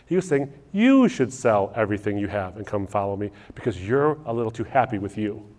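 A male pastor answering audience questions in a sermon, telling lively stories with frequent restarts. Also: fairly low pitch, brisk. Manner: animated storytelling with frequent restarts.

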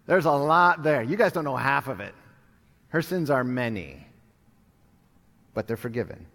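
A male pastor preaching a sermon, telling a story with animated swings from urgent loud appeals to hushed, quiet moments. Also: on the high side, a little slow, pauses often, long reverb tail. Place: church sanctuary.

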